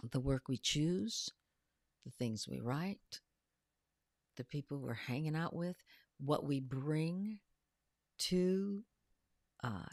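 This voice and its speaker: A woman with a lowish voice co-hosts a relaxed panel conversation. She tells stories with energy and acts out the lines of the people in them. Her voice sounds dry and close, with no room echo. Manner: animated storyteller who acts out quotes. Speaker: podcast co-host. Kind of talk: casual panel chat.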